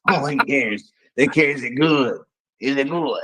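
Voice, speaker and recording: A man's voice: medium pitch, unhurried, a bit bright, slightly rough, rough recording. A man in casual podcast banter, blunt and dismissive, with a drawling way of talking.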